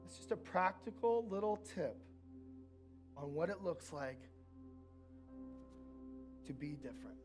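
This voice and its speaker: Guy preaching in church, pitch a bit up, goes loud then real soft, quiet music behind. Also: animated, a little slow, pauses often. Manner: earnest, swings from loud to soft intimate asides. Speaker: pastor. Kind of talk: sermon.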